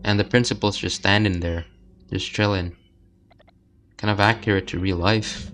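Young guy doing a let's play, kinda low voice, rambly, lots of uhs. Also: fairly even intonation, unhurried. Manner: rambling, hesitant, many filler words. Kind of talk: casual gameplay commentary.

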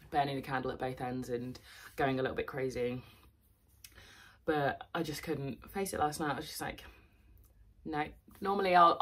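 A woman's voice: deep voice, slightly rough. A young woman chatting casually to camera at home for her fitness vlog, tired and candid, rambling with fillers and the odd swear. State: tired and low on energy. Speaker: fitness vlogger. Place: at home, indoors.

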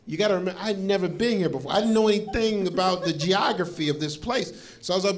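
Talking fast with few pauses in a high-pitched voice, a Florida-born comedian performs in a club before a live audience. His lively story features acted-out quotes and asides he laughs through, with crowd laughter audible on the recording.

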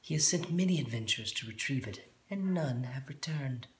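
A man voicing a scheming male gnome messenger in a slow, breathy, high half-whisper. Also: animated, roomy sound, a little hiss or hum, close to an everyday voice. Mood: secretive.

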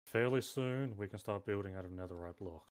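A man's voice: lowish voice, a little fast. A man chatting over a voice call while playing, matter-of-fact and dry, reading off game items aloud. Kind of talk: casual gaming chat over voice call.

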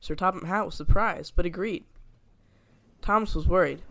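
A man narrating a children's story with a steady, expressive reading. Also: on the high side, unhurried, vocal fry.

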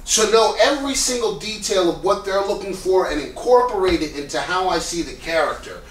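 Loud, animated male acting coach. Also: high-pitched, brisk. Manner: loud, animated, profane, full of rhetorical questions. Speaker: acting teacher. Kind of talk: casual coaching talk. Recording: echoey room, distant mic.

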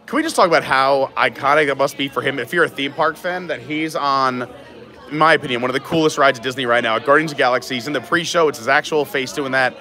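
A man's voice: mid-range voice, quick pace, bright, forceful tone, faint music behind. A man hosting a live stream from outdoors at a theme park, chatting casually and thinking aloud with plenty of fillers.

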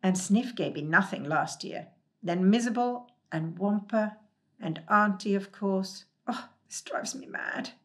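A woman's voice: mid-range voice, unhurried, lightly acted. A sullen, fretful male creature from a storybook, mumbling and grumbling under his breath, as a woman reader puts him on. His talk is exasperated and muttered, heavy with worry. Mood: muttering.

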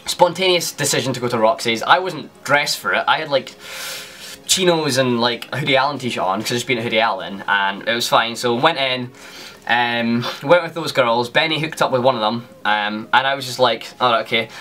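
A man's voice: medium pitch, a little fast, sharp tone. A young Scottish man telling a casual, rambling story to camera as a YouTuber, with lots of fillers and restarts.

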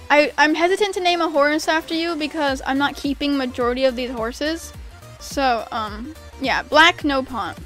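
This young streamer has a voice that sits high and a moderate pace, with soft music playing behind her. She chats casually with viewers as she plays, reading their questions aloud and responding, and her expressive reactions swing from mumbles to frustrated shrieks.

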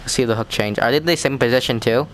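Excitable man doing game commentary. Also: mid-range voice, very fast, slight background noise. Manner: excitable, jumpy reactions and rambling asides. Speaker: gamer. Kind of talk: let's play commentary.

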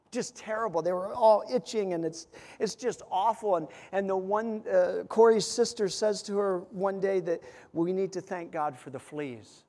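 A pastor preaching a sermon, telling stories and acting out quotes, building to loud emphatic peaks. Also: male voice, high-pitched. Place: church sanctuary. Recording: long hall reverb.

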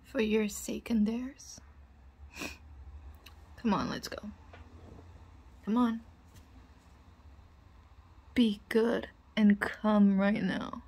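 A woman's voice: mid-range voice, steady tone, drawn-out words, long pauses, darkish tone, slightly rough, heavily acted. A woman playing a cruel young bully in a whispered role-play, taunting and bossing the listener with mocking laughs. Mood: bossy. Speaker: audio role-play performer.

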